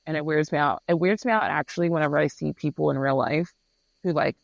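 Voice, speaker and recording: Guy co-host, kinda high voice with lots of fry, animated, pitch jumps all over. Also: fast talker, no room sound. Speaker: podcast co-host. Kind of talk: casual reaction chat.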